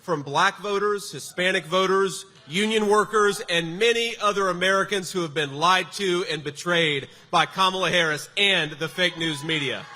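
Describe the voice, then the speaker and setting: Before a crowd in a large rally venue, a male political candidate delivers a campaign speech at a moderate pace with few pauses. His bright, high voice lands lines forcefully and slips in sarcastic asides, while a long hall echo and faint noise color the sound.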